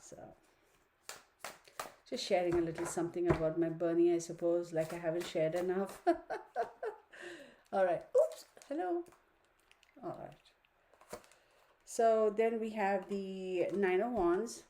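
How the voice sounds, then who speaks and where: A woman with a fairly low, dark voice speaks slowly and pauses often. She gives a chatty, opinionated, casual online tarot reading from her home study, addressing both her viewers and her dog.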